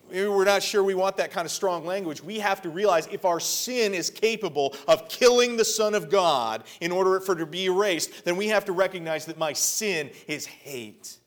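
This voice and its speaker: A man preaching a sermon earnestly, swinging between loud emphatic lines and hushed, quiet passages. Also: high voice. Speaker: pastor.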